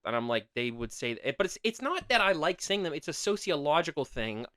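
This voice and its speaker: Smooth-voiced man arguing in casual chat. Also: on the high side, sing-song, a little fast, pushed and bright, no echo, studio quality. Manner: argumentative, voice jumps up when protesting. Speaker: podcast co-host.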